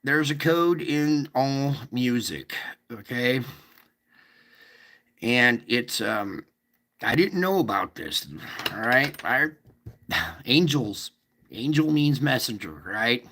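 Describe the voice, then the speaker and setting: A man hosts a casual livestream and explains at length. He wanders, restarts, and keeps checking in with his listeners. His voice is gravelly with a touch of fry, and he takes his time. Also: mid-range voice, animated, slow pace, long pauses, pushed and bright. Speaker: livestream host.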